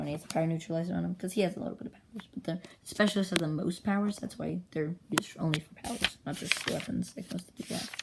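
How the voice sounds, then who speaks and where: Amid heavy background noise, a woman with a lowish, creaky voice casually narrates her own comic into an iPad with a pop socket. She's rambling and chatty, poking fun at herself along the way.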